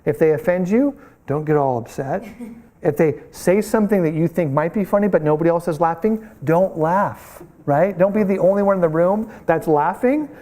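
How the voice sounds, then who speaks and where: A man teaching a missions class, telling animated stories and acting out the voices of the people in them. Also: fairly high pitch, moderate pace. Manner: animated storytelling, acts out voices in quotes.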